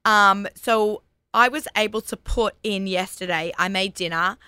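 A woman's voice: medium pitch, bright, forceful tone, smooth, no echo. A woman with an Australian accent hosting a talk show, chatting enthusiastically with a guest. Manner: chatty and enthusiastic, quick asides. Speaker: radio show host. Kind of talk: casual chat.

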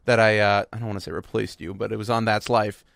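A man's voice: lowish voice, steady tone, quick pace, creaky, fairly bright tone, no echo. Rambling casual male podcast host. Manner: rambling, self-deprecating, full of restarts. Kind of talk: casual chat.

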